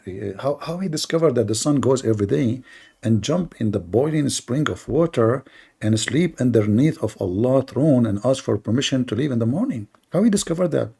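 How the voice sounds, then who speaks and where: A man's voice: medium pitch, lively intonation, brisk, vocal fry, dark tone, breathy edge. A man hosting a live call-in debate, sarcastic, mocking and combative. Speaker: host of a live debate stream.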